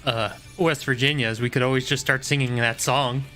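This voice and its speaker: Bright-voiced, teasing male co-host. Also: mid-range voice, steady tone, brisk, faint music behind. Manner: playful, teasing. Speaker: stream co-host. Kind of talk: casual chat while gaming.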